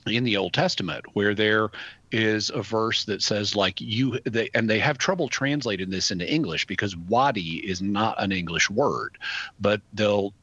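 Low, forceful man explaining. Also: husky, dry recording. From United States. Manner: measured, explaining step by step with restarts. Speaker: resident expert answering questions. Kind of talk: explanatory conversational talk. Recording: dull, dry lo-fi audio.

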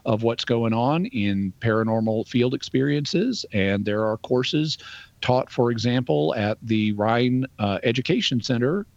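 A man's voice: mid-range voice, measured pace, creaky, dry recording, highs cut off. A man who is a radio show guest, telling a story in a casual way with chuckles and restarts.

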